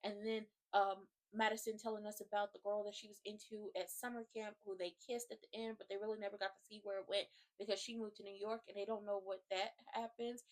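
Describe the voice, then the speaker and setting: A woman hosting her own video channel, giving a casual, animated recap of a TV drama full of slang and talking straight to her viewers. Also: mid-range voice, brisk, hardly any pauses. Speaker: YouTube host recapping a TV drama.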